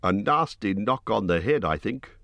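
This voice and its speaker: A man voicing a small, fussy, kindly male hobbit who speaks in a high, eager, slightly shaky voice. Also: expressive, normal speed, vocal fry, a bit bright, no room sound.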